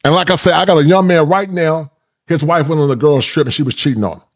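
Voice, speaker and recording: A man's voice: a little high, fast. A man hosting a reaction commentary, preachy and repetitive, mocking the people he reacts to. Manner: preachy, repeats words, mocking impressions. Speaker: commentary channel host reacting to clips.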